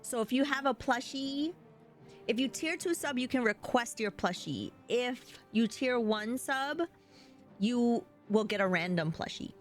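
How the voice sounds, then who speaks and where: A woman's voice: a little high, expressive, measured pace, soft background music. A woman with a New York accent, chatting casually with her live-stream viewers and laughing often as she answers them.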